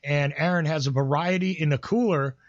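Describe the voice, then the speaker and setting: A man's voice: on the high side, a little fast, dry recording. A man with a Northeastern US accent, co-hosting a call-in show in a rambling, jokey way with lots of fillers, on muffled lo-fi audio. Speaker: regular co-host. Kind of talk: casual call-in banter.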